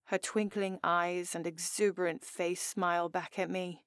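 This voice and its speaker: Smooth low-voiced woman audiobook narrator. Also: little pitch movement, measured pace, a bit bright, dry recording, clean studio sound. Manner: intimate, earnest storytelling. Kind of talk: first-person romance audiobook narration. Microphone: close studio mic.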